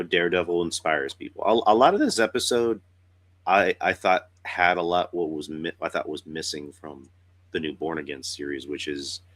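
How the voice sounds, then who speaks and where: A man's voice: very deep voice, a bit bright. A young man with a cold hosting a podcast in casual chat, talking in a loose, rambling way and swearing now and then. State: sick with a cold, rough voice. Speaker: podcast host.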